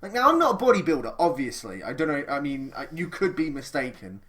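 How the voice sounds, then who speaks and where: A man co-hosting a casual wrestling chat, quick and joking with plenty of swearing. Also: fairly high pitch, very animated, a bit bright. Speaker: podcast co-host.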